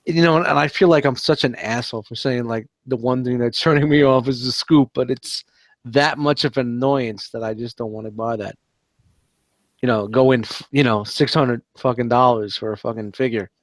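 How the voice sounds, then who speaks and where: A man's voice: medium pitch, fairly even intonation, normal speed, dry recording. A male podcast co-host in casual chat, enthusiastic and swearing a lot. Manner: enthusiastic, heavy swearing, says "man" a lot.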